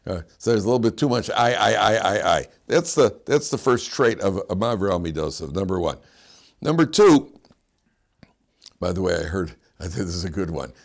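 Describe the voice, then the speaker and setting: A rabbi with a deep, creaky voice speaks at a normal speed, lecturing on the weekly Torah portion. He's an animated storyteller who chuckles through homely, humorous anecdotes and mixes Hebrew terms into his English.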